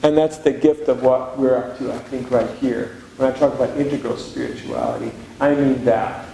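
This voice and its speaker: A monk gives a spiritual retreat talk, conversational and reflective with humorous asides. His medium-pitched voice is expressive, creaky, and mellow at a normal speed. The room is very echoey, with faint background noise.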